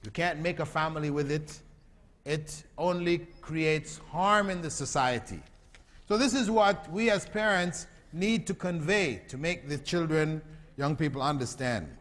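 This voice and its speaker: A man's voice: on the high side, unhurried, fairly bright tone. Man lecturing in a reverberant hall. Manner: quizzes the audience with repeated questions. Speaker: Islamic lecturer. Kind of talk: lecture to a live audience.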